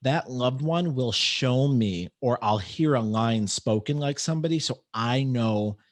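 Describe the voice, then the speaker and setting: A man's voice: medium pitch, unhurried. A man hosting an interview podcast, talking casually and rambling with many restarts as he explains his work as a medium. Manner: chatty, rambling with frequent restarts.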